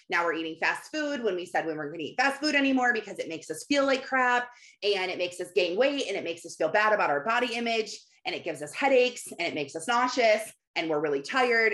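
A woman's voice: mid-range voice, fairly bright tone. A woman in her thirties, a mother giving candid life advice, talking earnestly and stringing long lists together. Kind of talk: candid motivational monologue.

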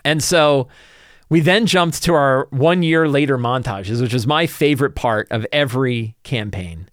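Man, mid-pitched, game master recapping a campaign in a loose, rambling way. Dry, close sound. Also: unhurried, a bit bright, no echo. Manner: rambling storyteller, many fillers and restarts. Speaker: game master and show host.

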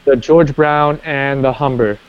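A man telling personal stories in casual conversation, animated, with many restarts and acted-out quotes. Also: mid-range voice, measured pace, smooth. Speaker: guest. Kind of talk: casual storytelling. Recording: dull lo-fi sound.

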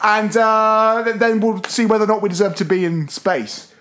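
A man's voice: sits high, fairly even intonation, moderate pace, fairly bright tone. A man playing a flustered young man with a Cockney accent who stammers and rambles in a panic.

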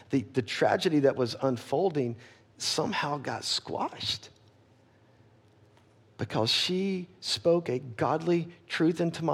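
A man preaching a sermon as pastor, earnest and candid, often checking in with his listeners and growing soft and quiet when he gets personal. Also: mid-range voice, slightly rough. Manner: earnest, candid, asks the congregation for agreement.

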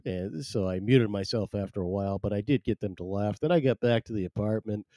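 A man's voice: fairly low pitch, a little fast, mellow, dry recording, clean studio sound. Chatty man hosting a podcast. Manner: rambling, self-deprecating, chatty. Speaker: podcast host. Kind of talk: casual live podcast monologue. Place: home. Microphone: headphones and desk mic.

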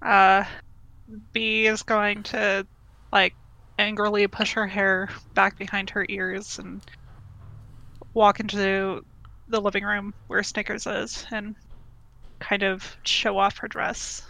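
A woman playing a tabletop role-playing game, slowly describing her character's actions. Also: medium pitch, level tone, gravelly, pushed and bright, poor audio. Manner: slow, describing actions in third person. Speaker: player.

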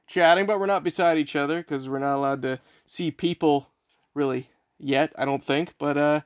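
A man's voice: a little high, normal speed, clean tone. A man from Canada, hosting a podcast in a casual, friendly chat, teasing and playing along with jokes. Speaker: podcast host.

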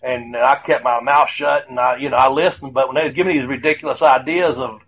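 A man's voice: mid-range voice, fairly even intonation, fairly quick, fairly bright tone, slightly rough. A man with a rambling, cursing way of talking, a former wrestler recalling the past. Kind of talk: casual chat. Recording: dull lo-fi line.

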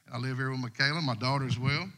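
Guy preaching in a church, talks folksy and chatty, middle-aged, real bright forceful voice. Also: medium pitch, steady tone, very fast. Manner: folksy and conversational, Southern US dialect. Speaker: guest preacher. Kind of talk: casual sermon. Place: church sanctuary.

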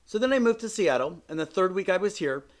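Male podcast host, slightly high voice, animated candid storyteller who acts out quotes and swears freely. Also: fast, over music. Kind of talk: candid personal storytelling monologue.

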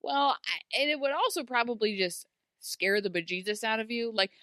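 A woman's voice: fairly high pitch, moderate pace, no room sound, studio quality. A woman chatting casually as a podcast co-host, recapping a TV episode and acting out the characters' lines. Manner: animated, acts out characters' lines.

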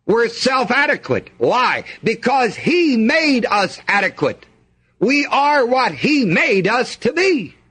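A man's voice: very high-pitched, sing-song, takes it slowly, fairly bright tone, slightly rough. A man preaching a sermon, reading scripture aloud and asking the congregation to fill in the missing words.

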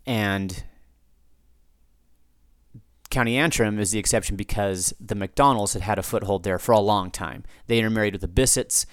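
Male podcast host, unscripted and digressive, smooth dry voice, mid pitch. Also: normal speed, pauses often, no room sound. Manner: rambling, off-the-cuff, frequent restarts and asides. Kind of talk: unscripted podcast talk answering listener feedback.

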